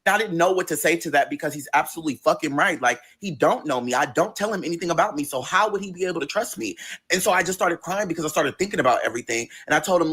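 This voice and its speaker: A man's voice: fairly high pitch, quick pace, a bit bright, slightly rough. A man telling a personal story in a casual, profane and dramatic way, acting out the dialogue as he goes.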